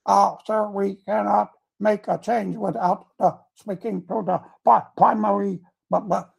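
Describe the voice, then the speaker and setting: A man voicing a stiff, formal male call-center agent with halting phrasing. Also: high-pitched, fairly even intonation, gravelly, breathy edge, full character voice. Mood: insistent.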